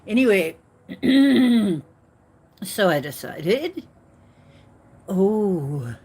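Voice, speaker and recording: A woman hosting a casual live-stream chat, rambling and giggly with many fillers, swinging from loud exclamations to trailing murmurs. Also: lowish voice, expressive, very slow, long pauses, husky, low-quality recording. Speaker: host.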